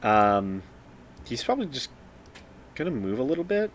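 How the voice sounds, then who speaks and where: A man running a tabletop game as game master, relaxed and peppered with fillers and small laughs. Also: medium pitch, moderate pace, slight background noise. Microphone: streaming microphone.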